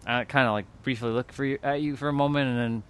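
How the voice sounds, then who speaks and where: A man's voice: mid-range voice, steady tone, fast talker, clear, resonant tone. A man hosting a livestream, talking to his chat in a loose, rambling way, with lots of fillers and casual swearing. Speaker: livestream host.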